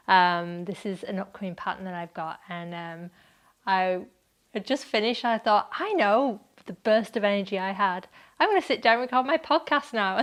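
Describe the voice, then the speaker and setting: A woman hosting her own podcast from home, chatting casually and laughing at herself often. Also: mid-range voice. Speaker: podcast host. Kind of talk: casual solo podcast chat.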